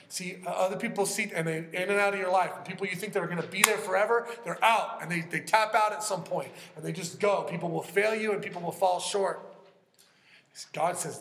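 High-voiced man preaching in an echoey room. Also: a little hiss or hum. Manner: earnest, conversational, drops to hushed tones for emphasis. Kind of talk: sermon.

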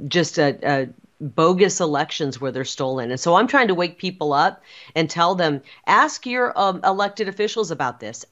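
A woman with a very low, deep voice speaks as an interview guest, defiant and insistent. She drives her points home with repetition. The audio is a little dull and muffled. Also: a bit bright. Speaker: political guest. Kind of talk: emphatic interview talk.

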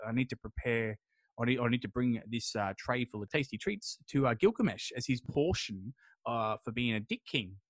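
A podcast host, a man, retelling an old epic in a rambling, crude, jokey way, slipping into quick voices for the characters. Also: mid-range voice, dry recording. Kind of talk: casual storytelling chat.

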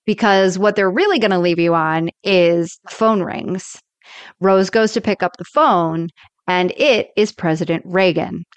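Woman podcast co-host, smooth dry voice. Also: on the low side, a little slow, no room sound. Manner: animated retelling with acted-out quotes. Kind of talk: casual chat recapping TV episodes.

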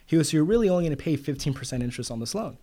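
A man's voice: a little high, animated, rapid-fire, dark tone. A middle-aged man, a loan broker, telling stories in a casual interview and quoting others with "he goes.".

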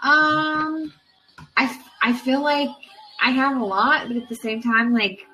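A woman's voice: sits high, fairly even intonation, slow, sharp tone, soft background music, poor audio. A woman co-hosting a podcast, chatting casually with many fillers as she thinks aloud. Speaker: podcast co-host. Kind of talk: casual chat during a movie watch-along.

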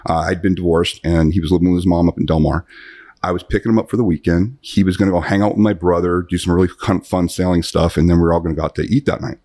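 A man in his fifties, a guest in a podcast interview, telling long animated anecdotes with many restarts. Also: deep voice, fast. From United States. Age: 50s. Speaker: guest, self-defense author.

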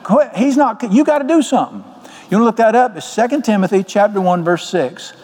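Folksy preacher, high voice. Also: male voice, lively intonation, brisk, darkish tone. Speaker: pastor. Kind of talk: sermon. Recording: long hall reverb.

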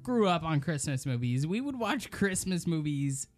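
A man's voice: fairly high pitch, big pitch swings, moderate pace. A man co-hosting a podcast in casual chat, easygoing and enthusiastic, rambling a little, with faint guitar music behind. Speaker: podcast co-host.

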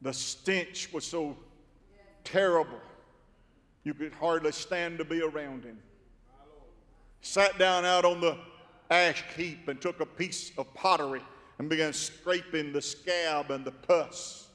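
Slow-preaching pastor, high voice, big hall. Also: male voice. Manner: dramatic, swings from soft to shouting. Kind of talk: sermon. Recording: long reverb from a big hall.

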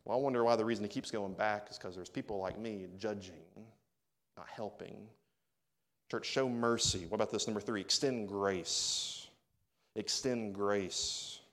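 A man's voice: lowish voice, fairly quick. A man pastor preaching a sermon, conversational and speaking directly to his congregation.

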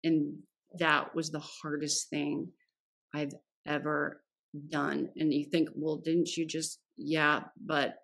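A woman speaks in a deep register with a breathy, slightly rough edge. She tells her personal story to podcast hosts openly and with energy. She slips into the voices of the people she quotes and swears without fuss. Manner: frank and animated, acts out quoted dialogue, swears casually. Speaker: podcast guest.

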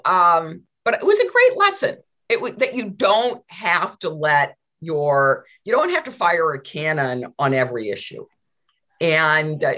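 A middle-aged woman, a law professor, telling stories in a conversational interview, animated and full of restarts. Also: deep voice. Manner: animated, many restarts and repeated words.

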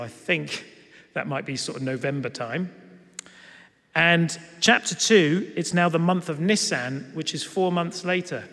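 Man preaching in an echoing hall. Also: a little high. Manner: animated storytelling, acts out quoted lines. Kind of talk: sermon. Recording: long hall reverb.

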